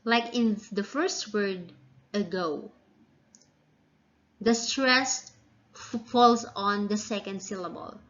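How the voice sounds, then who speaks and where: A woman teaching a phonics lesson, drawing out each example word slowly and carefully. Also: mid-range voice, a bit bright. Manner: slow and deliberate, drawing out example words. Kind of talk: slow classroom phonics lesson. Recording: dull lo-fi recording.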